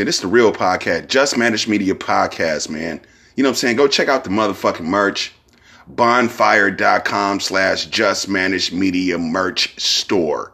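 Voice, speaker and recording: A man's voice: deep voice, pushed and bright, slightly rough. A man hosting his own podcast, talking in a loose, rambling way with lots of slang and profanity and repeated "you know what I'm saying". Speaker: podcast host. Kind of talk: casual solo podcast monologue.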